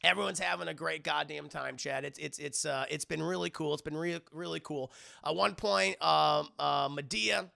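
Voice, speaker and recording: A man streaming live, recapping a movie in a casual, animated, profane way and talking to his chat. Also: on the high side, normal speed, gravelly.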